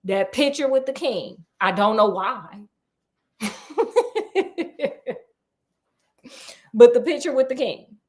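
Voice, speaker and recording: A young woman casually retelling a classic detective story, animated and slangy, laughing often. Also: on the high side, slow pace, long pauses. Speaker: podcast storyteller.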